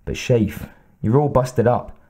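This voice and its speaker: A man's voice: medium pitch, slow, dark tone, slightly rough. A male narrator voicing a worried, loyal male police detective who speaks earnestly and with concern.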